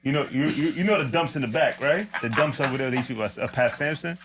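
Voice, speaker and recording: A man telling casual stories on a podcast, relaxed, often repeating his phrases. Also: fast talker, a loud crowd. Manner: relaxed, repeats himself, laughs low. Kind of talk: casual storytelling chat.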